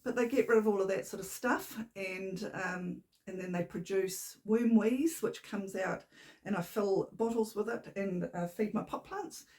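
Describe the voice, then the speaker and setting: Her mid-range voice is unhurried and darkish, with a slight shake, as this New Zealand woman hosts a casual, rambling knitting podcast. She speaks from a room at home, captured by a camera set on a tripod.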